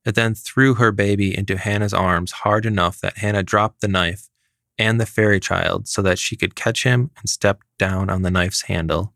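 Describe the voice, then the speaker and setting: A man narrates a fairy tale in a steady, even manner. His voice is low. It is recorded dry, with no room sound. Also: normal speed, creaky, dry recording. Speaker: story reader.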